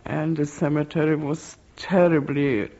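An older woman from Poland, giving oral history testimony in an interview, speaking in a slow, halting, reflective way. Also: deep voice, steady tone, dark tone. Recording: dull lo-fi recording.

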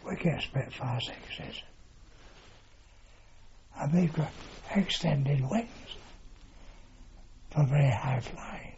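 An older man recounting his wartime service in an oral history, halting with fillers and mild swearing. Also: fairly high pitch. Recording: dull lo-fi recording with steady noise.

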